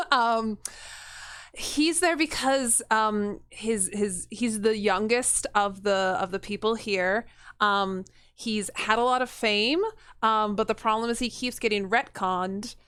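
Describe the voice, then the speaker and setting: A woman taking part as a player in a tabletop game, chatty and quick with asides. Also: medium pitch, fairly bright tone, clear, resonant tone, dry recording, clean studio sound. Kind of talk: casual tabletop role-play.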